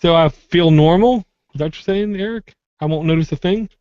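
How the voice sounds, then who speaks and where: A man's voice: on the high side, a little fast, a little mellow, clean tone, no room sound. A man co-hosting a podcast in casual pre-show banter, joking and teasing, with a sore throat. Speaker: podcast co-host. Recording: dull lo-fi podcast audio.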